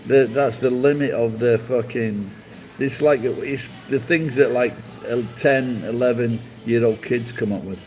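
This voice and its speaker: A man's voice: medium pitch, unhurried, a little mellow, soft background music, poor audio. A man live streaming and chatting with viewers, blunt and profane as he berates them.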